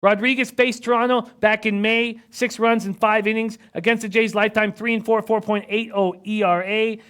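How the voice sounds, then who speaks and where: Quick, quiet-voiced man rattling off betting stats. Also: high voice, little pitch movement, smooth. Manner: rapid stat-heavy rundown, reads out chat comments; speaks quietly, close to the mic. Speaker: sports betting analyst. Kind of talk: live-streamed betting picks chat.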